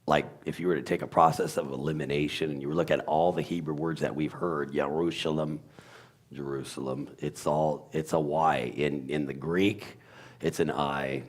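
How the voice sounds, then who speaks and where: A man with a very deep, low voice explains Hebrew letters in a conversation. He hesitates and hunts for his words, then turns animated as he sounds the letters out. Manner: halting, searches for words with many ums, then animated when sounding out letters. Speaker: guest teacher.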